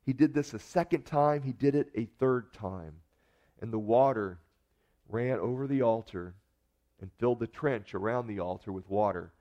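A man preaching a sermon at an ordinary pitch, talking to the congregation with a wry, joking edge. The recording sounds dull and lo-fi. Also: normal speed, mellow. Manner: conversational preaching with wry humor. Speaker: pastor.

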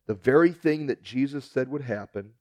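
A man preaching a sermon, retelling scripture as a story and acting out the dialogue with big swings in pitch and loudness. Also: animated, moderate pace, no room sound. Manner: storytelling, acts out the dialogue with shifting pitch and volume.

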